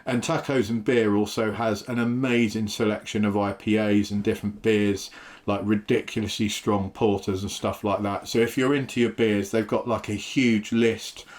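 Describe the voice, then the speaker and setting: Low-voiced English man, rambling travel talk. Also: little pitch movement, moderate pace, a little mellow. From England. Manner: rambling, with many fillers. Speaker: travel vlogger. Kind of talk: casual travel talk to camera.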